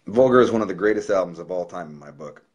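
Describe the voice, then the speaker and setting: Deep-voiced man, loose and profane. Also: breathy edge. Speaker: musician on a livestream. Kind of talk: casual livestream talk and letter reading.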